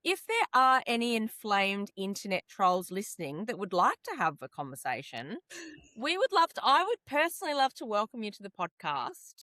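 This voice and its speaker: A woman's voice: medium pitch, very animated, normal speed, bright, forceful tone, no echo. A woman co-hosting a podcast, playful and upbeat, laughing often. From Australia. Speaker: podcast co-host. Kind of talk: casual chat.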